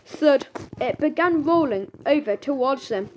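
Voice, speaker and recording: A woman narrating a children's audiobook in a lively storytelling manner. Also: high-pitched, a little slow, background noise. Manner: lively storytelling with sound words.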